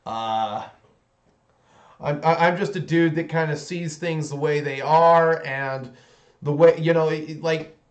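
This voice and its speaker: Rambling guy, higher voice. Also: unhurried, highs cut off. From United States. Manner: rambling, blunt, many restarts. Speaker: hobby channel host. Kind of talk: casual livestream chat.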